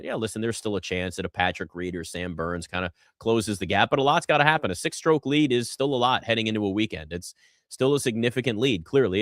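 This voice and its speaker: A man hosting a sports talk show, talking through the day's action in an animated, conversational way. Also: lowish voice, dry recording, studio quality. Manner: animated, conversational, addresses chat and co-worker. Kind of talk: solo sports talk commentary.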